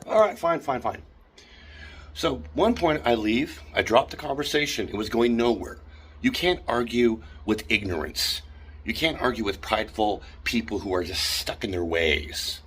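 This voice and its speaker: A man telling an indignant, animated story in a ranting vlog, filmed on a handheld phone in a hotel room. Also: medium pitch, normal speed, a little hiss or hum. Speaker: vlogger.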